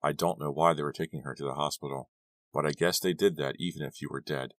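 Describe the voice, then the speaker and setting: A man narrating an audiobook in steady storytelling. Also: a bass voice, fast, dry recording. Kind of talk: scripted narration.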